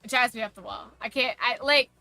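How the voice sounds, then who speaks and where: A woman's voice: on the high side, fairly quick, vocal fry, pushed and bright, no room sound. A woman streamer chatting casually while gaming, opinionated and ranting, swearing freely.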